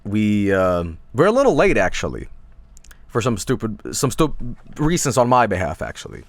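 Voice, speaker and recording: A man's voice: on the low side, sing-song, moderate pace, no room sound. A man chatting casually on a stream, rambling with lots of fillers and restarts and swearing now and then.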